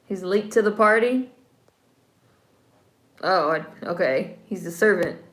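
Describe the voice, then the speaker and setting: A woman's voice: mid-range voice, slow pace. Chatty woman with wry asides, roomy sound. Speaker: film reaction vlogger. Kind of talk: casual movie-watching commentary.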